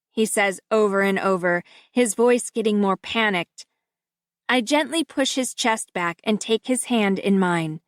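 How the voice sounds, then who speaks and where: A woman narrating a novel in the first person, in a measured, steady storytelling manner on a close mic. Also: medium pitch, dry recording. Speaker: audiobook narrator. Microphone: close studio mic.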